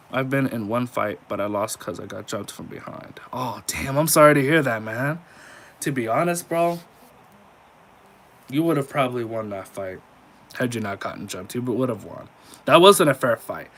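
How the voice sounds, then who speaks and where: A man's voice: medium pitch, a bit bright. A nineteen-year-old man streaming live, reading viewer messages and answering them in a laid-back, chatty way. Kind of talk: casual live-stream chat.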